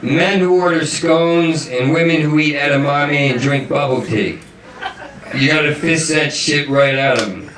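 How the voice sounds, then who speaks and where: A stand-up comic, delivering manic, profane rants, often shouting and laughing. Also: male voice, fairly high pitch, unhurried, recorded from a distance, background noise. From New York. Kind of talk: stand-up comedy. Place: comedy club. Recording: roomy club recorded from afar with crowd.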